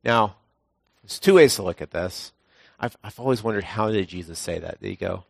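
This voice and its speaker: A young man preaching a casual, conversational sermon, telling everyday stories and now and then acting out quotes in a sudden high voice. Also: normal speed, vocal fry, no room sound, studio quality.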